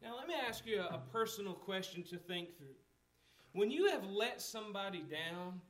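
A male pastor preaches in a conversational, high-sitting voice, putting questions to the congregation and acting out the lines of the people in his story.

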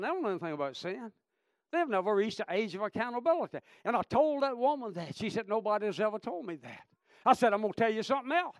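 A man preaching a revival sermon, swinging between shouted praise and hushed storytelling. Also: high voice, dry recording. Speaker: traveling preacher.

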